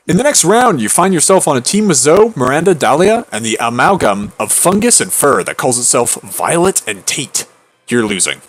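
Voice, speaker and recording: A man streaming a game, reading its text aloud theatrically while his voice is going hoarse. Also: a little high, sing-song, fairly quick, faint music behind, poor audio. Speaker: streamer and voice actor.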